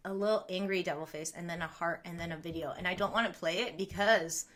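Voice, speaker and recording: A woman's voice: on the low side, fast talker, fairly bright tone. A young woman from Southern California chatting casually on a livestream, reacting to her chat, saying "like" a lot and laughing often. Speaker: livestream host.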